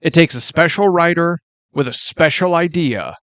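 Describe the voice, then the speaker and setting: A man co-hosting a movie podcast, chatting casually and acting out quoted lines with lively laughter. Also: fairly high pitch, moderate pace, dry recording. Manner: animated, laughs often, acts out quoted lines. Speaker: podcast co-host.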